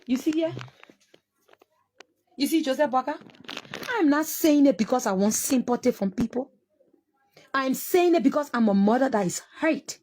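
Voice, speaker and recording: Liberian woman, grieving mother, impassioned and accusing, slightly high husky voice. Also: lively intonation, moderate pace, pauses often, darkish tone. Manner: impassioned, accusing, repeats phrases. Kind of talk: emotional public statement.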